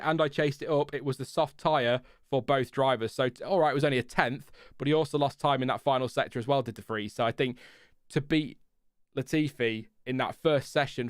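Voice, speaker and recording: The host of a laid-back F1 race reaction stream, a man with a smooth, medium-pitched voice, wanders from thought to thought, using lots of filler words and restarting sentences. He also reads the chat aloud. The audio is studio quality with no room sound.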